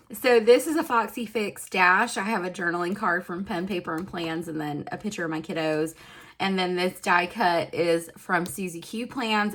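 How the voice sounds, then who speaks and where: A woman's voice: medium pitch, fairly bright tone. A woman in her thirties chatting casually through a show-and-tell of her planner, giggly and full of ums and likes. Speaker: planner vlogger.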